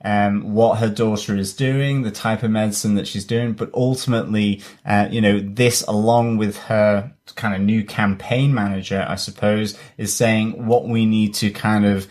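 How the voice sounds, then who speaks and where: A man with a fairly low voice discusses a TV episode on a podcast. He rambles, restarting and filling gaps with ums. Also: fairly even intonation, normal speed, few pauses, a little mellow. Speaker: podcast co-host. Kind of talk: casual podcast chat.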